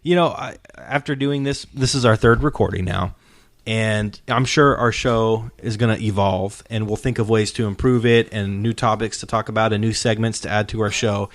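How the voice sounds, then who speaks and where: A man with a lowish voice hosts a relaxed podcast chat, retelling scenes in a sincere, meandering way. His voice is recorded close and dry, with no room sound around it. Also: normal speed, no room sound. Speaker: podcast host. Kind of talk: casual chat.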